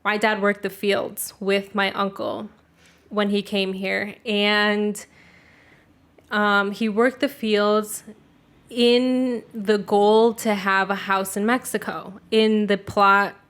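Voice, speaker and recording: In a loose, profane podcast chat, a young woman speaks slowly with a flat delivery and a mid-range, fairly bright voice. Her talk is thick with "like," and she performs the quotes when recounting family stories.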